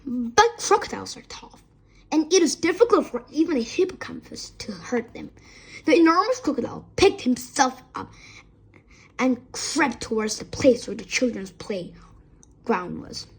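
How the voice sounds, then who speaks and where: A woman's voice: high-pitched, very animated, unhurried, breathy edge. A woman reading a children's story aloud expressively, with small slips.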